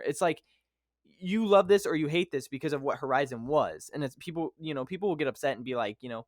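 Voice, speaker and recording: A man's voice: fairly high pitch, brisk, no room sound, studio quality. A man hosting a podcast in casual chat, rambling and acting out his own reactions. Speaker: podcast host.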